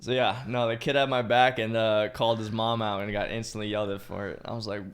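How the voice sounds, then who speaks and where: A young man tells a long story on a podcast in a loose, profane, rambling way, filling it with "like"s. His voice is smooth and clear and sits a little low. His talk is casual and unpolished. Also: little pitch movement, brisk. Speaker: podcast co-host.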